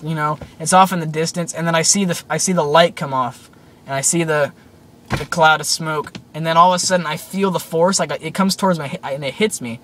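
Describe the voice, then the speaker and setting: A man's voice: fairly high pitch, fairly quick, pushed and bright, slight background noise. Rambling young man recounting a dream. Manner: rambling, full of "like" and "um"; awed retelling of a dream. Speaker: vlogger. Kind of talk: casual storytelling.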